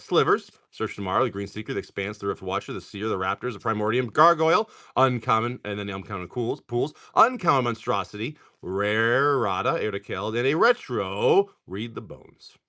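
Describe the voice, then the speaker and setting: A man's voice: mid-range voice, expressive, sharp tone. Chatty man reeling off card names. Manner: rapid card name listing, chatty asides to buyers. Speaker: live stream card seller. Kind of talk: casual pack-opening commentary.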